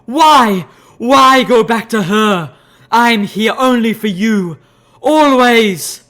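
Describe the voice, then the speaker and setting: A man voicing a possessive female alicorn pony, speaking in a shrill, intense voice. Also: animated, slow, pushed and bright, exaggerated voice. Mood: pleading. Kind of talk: audiobook character voice.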